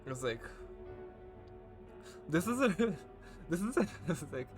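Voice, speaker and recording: A man's voice: fairly high pitch, big pitch swings, a little slow, soft background music. A man streaming a game live, talking emotionally and rambling with lots of fillers and swearing, choked up and close to tears. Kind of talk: live gameplay commentary.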